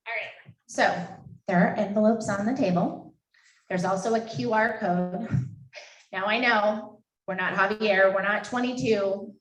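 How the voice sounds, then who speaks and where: In an event hall, a woman makes an emotional, chatty fundraising appeal into a handheld microphone, laughing and tearing up as she goes. Her mid-range voice is unhurried and fairly even in intonation, with a crowd audible behind her. The hall is echoey and the mic sounds distant.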